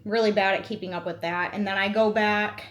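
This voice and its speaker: A woman's voice: medium pitch, steady tone, brisk, a bit bright, echoey room. A woman in her thirties, a vlogger chatting candidly to camera, telling personal stories with lots of fillers. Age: 30s. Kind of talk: casual sit-down vlog chat. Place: room at home, sitting before a meal.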